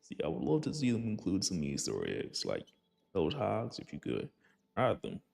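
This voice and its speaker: A man's voice: deep voice, wildly swooping pitch, moderate pace, vocal fry, darkish tone. A young man casually commenting on his gameplay, rambling and joking, sometimes slipping into a put-on folksy accent. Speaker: gaming channel host.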